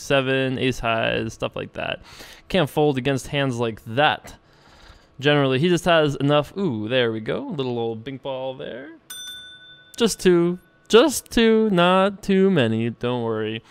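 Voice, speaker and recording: A man's voice: mid-range voice, creaky, fairly bright tone, clean tone. A man from the United States giving casual, chatty commentary on his own online poker session, thinking aloud and poking fun at himself. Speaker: poker vlogger.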